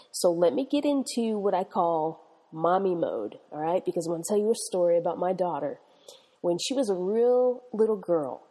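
A woman's voice: fairly low pitch, dark tone, slightly rough, in a large hall. A middle-aged woman preaching a sermon, emphatic and repetitive, checking in with her listeners. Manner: emphatic, repetitive exhortation with "okay?" tags. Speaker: Bible teacher.

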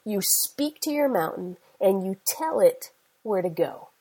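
A woman in her forties preaching a sermon, with emphatic, slowly stressed phrases. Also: mid-range voice, lively intonation, mellow, breathy edge, rough recording. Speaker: Christian speaker.

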